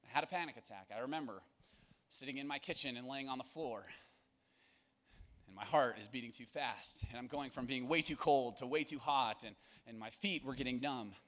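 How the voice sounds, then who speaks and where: A man's voice: mid-range voice, fairly quick, fairly bright tone. A young man preaching to young people at church, casual and joking, then turning earnest. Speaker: youth pastor.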